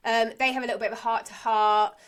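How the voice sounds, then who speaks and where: A woman's voice: fairly high pitch, steady tone, fast talker, a bit bright, smooth. Chatty woman recapping a soap. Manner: chatty, laughs often, acts out characters' lines. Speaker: podcast co-host. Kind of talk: casual chat recapping a soap.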